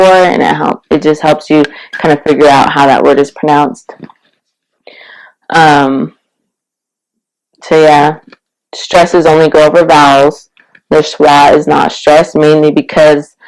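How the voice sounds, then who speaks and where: A woman giving a casual video-blog language lesson, explaining slowly and relaxed, with many fillers. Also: low voice, smooth, rough recording. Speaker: language teacher.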